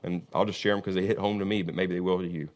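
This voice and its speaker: A man preaching a sermon as pastor, with an impassioned, repetitive cadence that swings from booming emphasis to hushed intensity. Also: flat delivery, rapid-fire.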